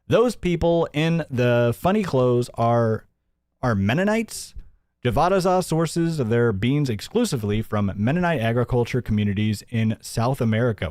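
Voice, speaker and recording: A man's voice: medium pitch, very animated, normal speed, a little mellow, no room sound, studio quality. A man hosting a casual livestream news show, sarcastic and mocking, reading viewer donations aloud.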